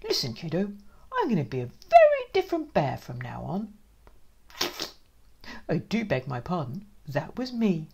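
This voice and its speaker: Blustery windy dad bear , a lady putting him on, indignant, kinda husky, slow. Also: fairly low pitch, wildly swooping pitch, warm tone, heavily acted. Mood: earnest. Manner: indignant, then sheepish. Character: blustery windy daddy bear, never owns up.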